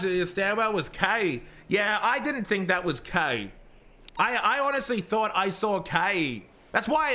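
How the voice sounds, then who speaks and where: A man streaming a police role-play game, talking excitedly and rambling with swearing and frequent restarts. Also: high voice. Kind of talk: live-streamed gameplay commentary.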